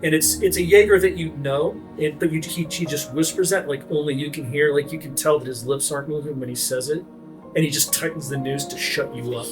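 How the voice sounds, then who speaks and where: A man's voice: on the high side, fairly quick, over music. A man narrating vividly as game master of a tabletop game. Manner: vivid, energetic narration with frequent fillers.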